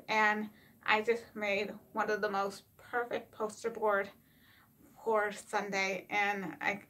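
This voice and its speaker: A woman vlogging in a chatty, excited way, her speech slightly slurred from wearing retainers. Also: medium pitch. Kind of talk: casual vlog chat.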